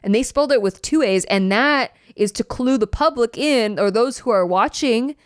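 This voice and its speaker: A woman's voice: on the high side, moderate pace, clean tone, no room sound, clean studio sound. A woman, hosting a casual podcast chat and telling stories with lots of fillers. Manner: animated storyteller, chatty with fillers. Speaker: podcast host. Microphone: studio microphone.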